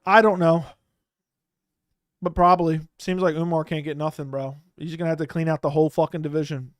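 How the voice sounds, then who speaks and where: A man's voice: fairly high pitch, level tone, fairly quick, no echo, clean studio sound. A man hosting a live stream, chatting casually and bluntly in loose slang while he reads out viewer comments. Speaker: livestream host. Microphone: studio microphone close up.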